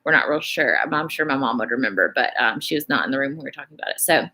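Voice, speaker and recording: A woman's voice: rumbling low, animated, rapid-fire, pushed and bright. A woman, chatting casually and rambling on a live stream, reading viewer comments aloud and calling them y'all.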